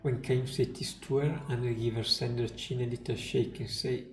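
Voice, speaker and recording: A male streamer reading a game story aloud in a steady, measured way. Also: medium pitch. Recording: roomy echo, faint music.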